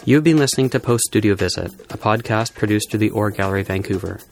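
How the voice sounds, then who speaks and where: A man's voice: on the low side, quick pace, creaky. Male podcast host over music. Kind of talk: scripted outro.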